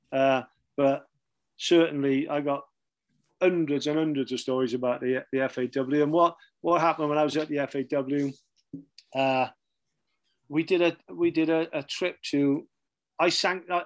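A middle-aged man with a Welsh accent telling casual anecdotes, laughing often and checking in with "right?" as he goes. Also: on the high side. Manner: chatty, laughs often, repeats "right?" for emphasis. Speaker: storyteller recounting his career.

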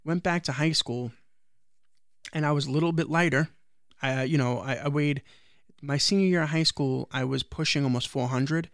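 A man's voice: fairly high pitch, normal speed, no room sound, studio quality. A young adult man co-hosting a podcast, rambling and self-deprecating in casual chat, swearing freely. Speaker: podcast co-host.

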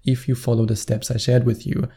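A male dating coach talks straight to camera in an advice vlog. His voice is gravelly and very dark. He hammers points home by repeating the same words again and again. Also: medium pitch, completely flat delivery, fairly quick. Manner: emphatic, repeats words for stress.

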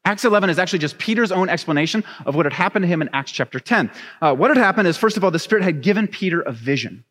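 A young adult man preaching a sermon, reading scripture and then telling a chatty, animated story with laughs. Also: high voice, very fast. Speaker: pastor. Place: church sanctuary. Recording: long reverb of a church hall.

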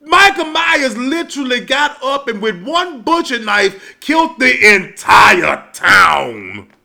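A man, hosting and ranting casually and comedically about a movie, profane, with shouted outbursts. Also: very high-pitched, sing-song, takes it slowly, creaky.

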